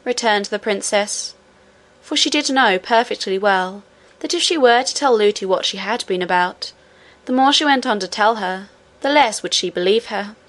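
A woman narrating a children's storybook with a clear, measured reading. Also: mid-range voice, fairly bright tone. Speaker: audiobook narrator.

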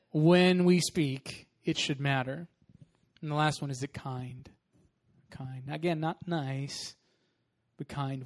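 A man, a young adult pastor, preaching a sermon in a casual, animated storytelling way. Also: a little high.

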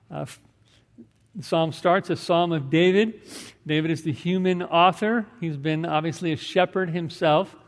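Man preaching in a reverberant sanctuary. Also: a little high. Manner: earnest, measured preaching with scripture reading and prayer. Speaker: pastor. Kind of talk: sermon. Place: church sanctuary. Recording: church sanctuary with long reverb.

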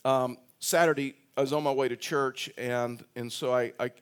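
A man's voice: medium pitch, fairly even intonation, moderate pace, smooth. A man preaching in an easy, conversational way. He often repeats words and restarts phrases, then lifts his voice to stress a point. His voice sits in a middle register. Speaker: pastor. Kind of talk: sermon with personal story.

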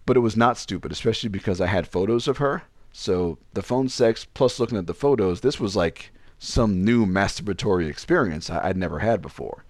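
Young guy, low voice, animated storyteller, dry close sound. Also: brisk, hardly any pauses, no room sound. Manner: animated, acts out quoted lines with pitch jumps. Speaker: podcast host telling a story. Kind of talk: casual storytelling.

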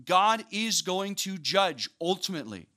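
A young man preaching a sermon to a church audience, talking conversationally and building to animated emphasis. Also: high voice, measured pace. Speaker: pastor.

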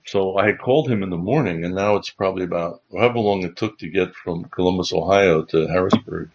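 A man's voice: low-pitched, fast. A man, a chaplain hosting a Bible livestream, telling rambling stories in a casual way, with many restarts. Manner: rambling, restarts, chuckling as he recalls. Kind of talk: casual anecdotal storytelling. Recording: dull lo-fi stream audio.

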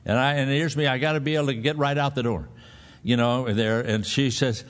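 A man's voice: medium pitch, steady tone, fairly quick. A male pastor preaching a sermon, telling a folksy personal story and then pressing his point with emphatic exhortation.

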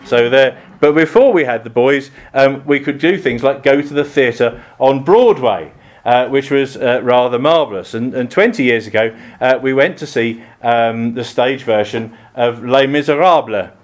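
A middle-aged priest from southern England giving a chatty, self-deprecating sermon in a church, with many ums and restarts. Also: male voice, mid-range voice, moderate pace. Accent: southern English.

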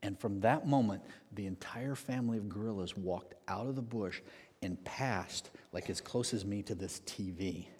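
A man preaching a sermon, telling a story with lively energy and acting out the quotes. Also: fairly low pitch, normal speed, breathy edge. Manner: animated storyteller, acts out shouted quotes. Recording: long hall reverb.

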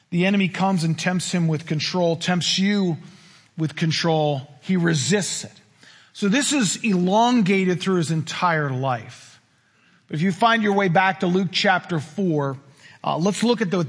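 A man pastor preaching a sermon in a conversational style, acting out quoted lines, with a husky voice in a reverberant church. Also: high-pitched, fairly bright tone. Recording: reverberant hall.

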